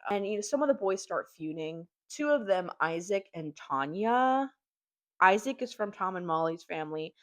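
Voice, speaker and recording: Slangy young woman recapping a book. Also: lowish voice. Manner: slangy, filler-heavy storytelling with lots of "like"; animated, acts out characters' lines. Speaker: book reviewer.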